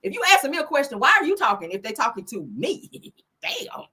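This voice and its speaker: Sassy, animated, husky-voiced woman commentator. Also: sits high, fast talker. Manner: loud, sassy, profane, animated storytelling. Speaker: celebrity gossip commentator. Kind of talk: casual gossip commentary.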